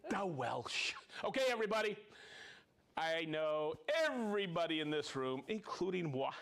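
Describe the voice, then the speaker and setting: A man's voice: fairly high pitch, lively intonation, normal speed, fairly bright tone, clean tone. A man hosting a live product show in casual chat, jovial and chatty, reading out viewer names and laughing often.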